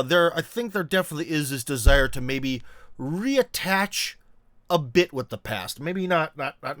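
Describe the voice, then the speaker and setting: A man's voice: on the high side, a bit bright, no room sound. A man hosting a casual live-stream chat, rambling with lots of fillers and joking asides. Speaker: host.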